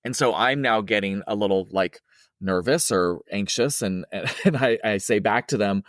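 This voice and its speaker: A man's voice: fairly low pitch, normal speed, no room sound, studio quality. Rambling middle-aged man telling a story. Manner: rambling and conversational, with many fillers and restarts; acts out quoted dialogue in a raised, excited voice. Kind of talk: casual spoken ghost story.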